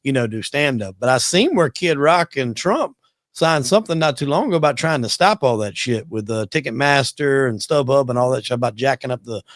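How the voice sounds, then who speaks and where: A man's voice: mid-range voice, expressive, fairly quick, dry recording, clean studio sound. A man hosting a podcast, laid-back and profane, rambling in casual chat. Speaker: podcast host.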